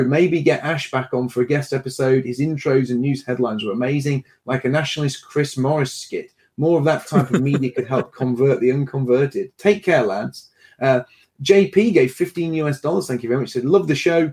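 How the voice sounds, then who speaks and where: A man's voice: mid-range voice, moderate pace, darkish tone, husky. A man hosting a casual panel show, reading out viewer messages with chatty, self-deprecating asides. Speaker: podcast host reading viewer donations.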